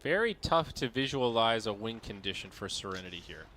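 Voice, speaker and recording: A man calling a live esports match as play-by-play commentator, animated and joking, rising in pitch at big plays. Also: a little fast. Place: broadcast studio. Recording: steady background noise.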